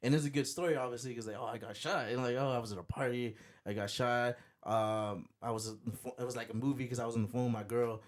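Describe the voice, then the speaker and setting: A man's voice: mid-range voice, fairly even intonation, fast, hardly any pauses. Laid-back rambling comedian guy. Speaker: stand-up comedian guest. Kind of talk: casual chat.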